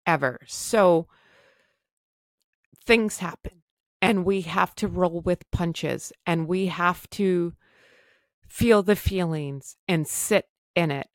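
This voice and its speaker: A woman from Canada shares a personal recovery story in a candid, chatty monologue with self-deprecating asides. Her voice sits low. The recording is dry and close, with no room sound. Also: no echo. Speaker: podcast host.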